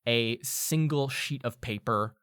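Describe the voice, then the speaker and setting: Guy running a tabletop game, bright voice, lots of uhs and likes, dry sound. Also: medium pitch, takes it slowly, clear, resonant tone, dry recording. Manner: casual, many fillers and restarts. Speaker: game master.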